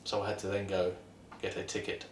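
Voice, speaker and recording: A man's voice: deep voice, monotone, brisk, a little hiss or hum. A man co-hosting, telling a story about a train journey in a plain, matter-of-fact way. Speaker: co-host. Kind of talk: casual anecdote telling. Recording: roomy echo, distant mic.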